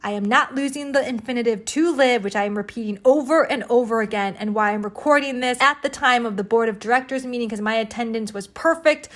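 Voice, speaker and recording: A woman's voice: a little high, a little fast, hardly any pauses. A woman talking to camera in an earnest, rambling, reflective personal monologue. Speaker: vlogger.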